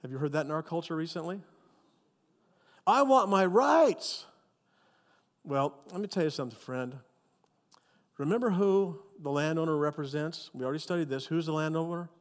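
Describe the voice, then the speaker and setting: A male pastor preaching a sermon with animated, emphatic storytelling. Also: a little high, fast talker, long reverb tail.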